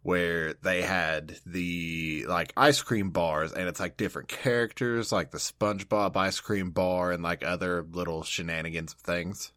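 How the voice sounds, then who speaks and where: A woman's voice: extremely low pitch, fairly even intonation, unhurried, hardly any pauses, fairly bright tone, no room sound, studio quality. A woman co-hosting a podcast, teasing and joking in casual chat. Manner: playful, teasing, jokey reasoning. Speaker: podcast co-host.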